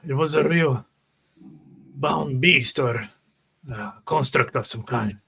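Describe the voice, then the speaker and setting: A man's voice: mid-range voice, slow pace, vocal fry, bright, forceful tone, slightly rough. A man playing a tabletop game, describing actions and speaking in character with a wary, clipped manner. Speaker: player. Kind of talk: tabletop role-play.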